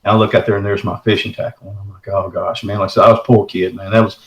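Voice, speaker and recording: A man's voice: fairly low pitch, very fast, echoey room, highs cut off. A middle-aged man, telling his own encounter story in casual, folksy talk, often saying "man". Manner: folksy, says "man" often, animated retelling. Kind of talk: casual first-person storytelling.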